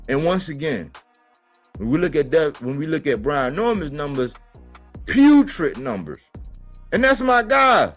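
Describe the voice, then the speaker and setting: A man's voice: on the high side, sing-song, measured pace, pauses often, fairly bright tone, soft background music. A man hosting a boxing commentary livestream, talking in an emphatic, slangy way and repeating points for stress. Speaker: boxing commentator and show host.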